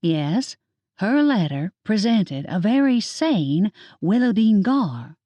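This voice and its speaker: A woman voicing an earnest, curious young witch heroine in an expressive, natural voice. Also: medium pitch, slow, no echo.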